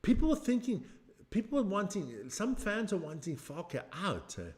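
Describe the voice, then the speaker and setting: A man's voice: high voice, wildly swooping pitch, moderate pace, a little mellow. A middle-aged man hosting a casual live stream, chatting loosely as he reacts to a match, answering viewers' comments and joking about his age. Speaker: watch-along stream host.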